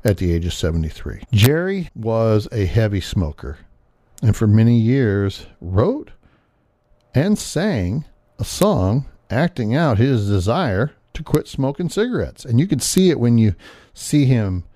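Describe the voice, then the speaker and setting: Slow, earnest man gushing about a hero. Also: mid-range voice, sing-song, dark tone, no room sound, clean studio sound. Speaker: podcast host. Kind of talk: casual personal storytelling.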